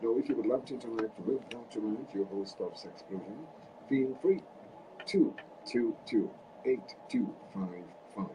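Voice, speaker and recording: A man co-hosting a radio show jokes and chimes in with casual banter, then reads station details. His voice is fairly low and measured in pace. He's picked up by a distant mic in the radio studio, with background noise.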